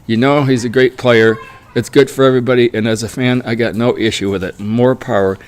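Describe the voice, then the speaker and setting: A man's voice: medium pitch, fairly even intonation, fairly quick. Opinionated man ranting about sports contracts. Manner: opinionated, mocks players in whiny quoted voices. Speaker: sports commentary vlogger. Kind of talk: casual opinion monologue.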